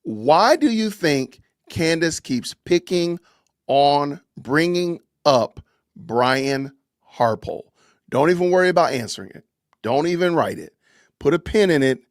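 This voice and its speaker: A man with a fairly high voice ranting on his podcast, hammering the same commands over and over in a preachy, emphatic way. The sound is dry and close, with no room around it. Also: expressive, measured pace, no echo. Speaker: podcast host. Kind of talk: impassioned commentary rant.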